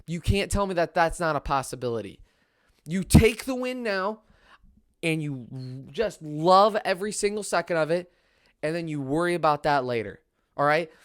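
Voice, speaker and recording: A young man hosting a solo sports podcast, excitable and trash-talking as he rants. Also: a little high, moderate pace, clean tone.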